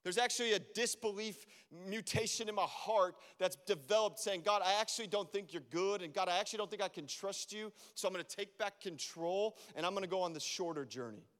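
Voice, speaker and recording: A man preaching a sermon as a pastor, animated and acting out his own prayers to God. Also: sits high, a little fast, few pauses. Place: church. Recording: long reverb of a church hall.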